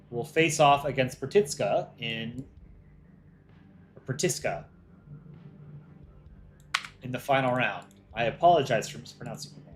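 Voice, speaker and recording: A man's voice: mid-range voice, slight background noise. A man casually hosting a livestream, chatting with viewers in a loose way with restarts and frequent laughter. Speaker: animator and livestream host.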